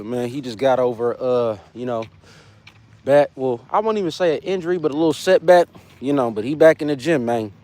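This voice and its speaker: A man from California, hosting a casual fitness livestream and chatting loosely with his viewers. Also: fairly high pitch. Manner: laid-back, chatty, greets viewers by name.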